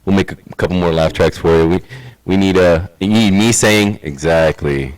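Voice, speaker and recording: Podcast co-host, a man with a lowish voice, relaxed and profane, sounds high. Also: a little fast, smooth, dry recording, low-quality recording. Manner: laid-back, swears a lot, laughs often. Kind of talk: casual chat.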